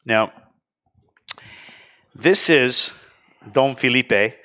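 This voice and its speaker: A man's voice: mid-range voice, very slow. Chatty middle-aged male talk show host. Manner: chatty, animated anecdote teller. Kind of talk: casual studio chat and storytelling.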